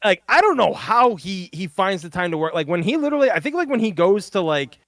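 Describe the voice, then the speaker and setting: A man's voice: high-pitched, big pitch swings, brisk, fairly bright tone, no echo. A young man co-hosting a gaming livestream, rambling casually with many fillers. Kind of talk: casual chat.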